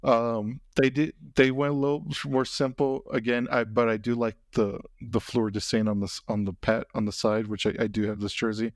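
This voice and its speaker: This podcast host's casual, rambling chat is thick with fillers and "you know what I mean." He keeps a level tone and medium pitch at normal speed with few pauses, in a dry, clean studio recording.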